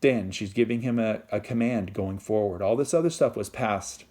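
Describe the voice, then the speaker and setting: Casual lower-voiced male Spanish teacher. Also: moderate pace, darkish tone. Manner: casual, explains step by step with many fillers and check-ins; switches between English and Spanish. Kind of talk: recorded classroom lesson.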